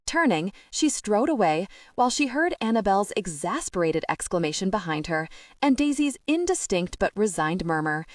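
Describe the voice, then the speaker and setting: A woman narrating an audiobook in clear, even storytelling. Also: mid-range voice, fairly quick, dry recording, studio quality. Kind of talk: scripted narration.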